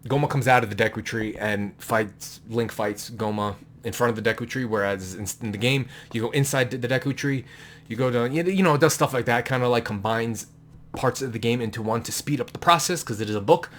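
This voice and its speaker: A man's voice: mid-range voice, fairly quick, a bit bright. A man chatting casually to the camera at home, rambling and correcting himself as he goes, with an offhand, slightly crude manner. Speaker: vlogger showing his book collection. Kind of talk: casual chat. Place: indoors at home with a noise in the room. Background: a distracting noise in the room.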